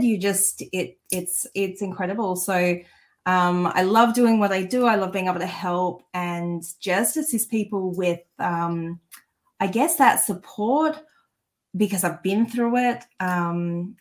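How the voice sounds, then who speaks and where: An Australian woman, a guest on a podcast, talking in an unhurried way with many pauses and ums. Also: medium pitch. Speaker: guest, Reiki teacher. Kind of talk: casual podcast chat.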